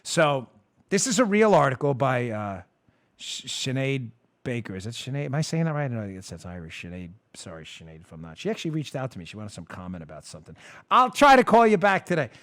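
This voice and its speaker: Fast-talking and very animated, this medium-pitched podcast host delivers political commentary. He rants with sarcasm and exasperation, mocking as he goes, and his volume keeps rising.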